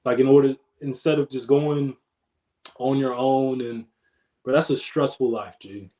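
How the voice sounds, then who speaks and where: A young man, a podcast guest, in casual chat, telling stories in a laid-back, slangy way that trails off quietly. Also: medium pitch, steady tone, unhurried.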